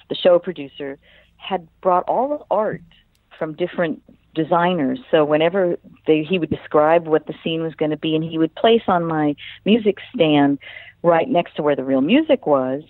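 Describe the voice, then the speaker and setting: A woman's voice: deep voice, no echo. Chatty older woman on a phone line. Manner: chatty, storytelling, animated quotes. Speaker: singer and voice actress, guest. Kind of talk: interview over the phone. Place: home in California. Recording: dry tinny phone line.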